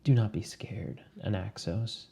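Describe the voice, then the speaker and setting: A man voicing a menacing, entrancing man over a century old, with an English accent and a low, slow, soft way of speaking. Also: creaky. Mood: hushed, coaxing.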